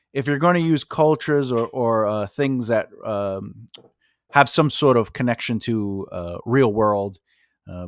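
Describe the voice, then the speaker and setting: A medium-pitched man's voice, recorded at studio quality with no room sound, belongs to a writing coach host. He's a New Yorker from Long Island and Brooklyn with a New York accent, and his casual teaching monologue is rambling, conversational, and thick with fillers.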